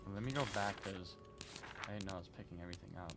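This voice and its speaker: A man's voice: low voice, fast talker, loud music behind the voice. A man commentating a game playthrough as a streamer, wry and joking, muttering asides to himself. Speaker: gaming streamer.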